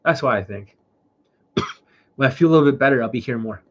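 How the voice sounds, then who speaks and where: Medium-pitched and fast-talking, this man coughs through a livestream Q&A while ill. As a dating coach he answers bluntly and with plenty of profanity, and the recording has a dull, lo-fi quality.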